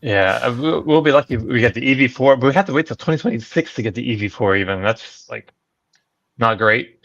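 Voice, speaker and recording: A man's voice: medium pitch, animated, a little fast, gravelly, fairly bright tone, no echo, muffled recording. A man co-hosting a podcast, chatting casually and griping. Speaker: podcast co-host. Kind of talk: casual chat.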